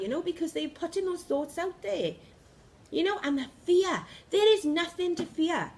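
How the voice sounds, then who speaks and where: A woman giving an energetic, emphatic spiritual pep talk to camera, repeating phrases for emphasis. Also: sits high. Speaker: spiritual vlogger. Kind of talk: impassioned motivational monologue.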